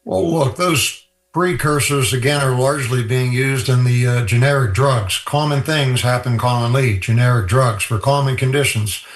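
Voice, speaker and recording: A man from Ireland, a guest on a radio show, calmly explaining drug prices in a matter-of-fact way. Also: mid-range voice, moderate pace, echoey room. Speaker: healthcare cost guest.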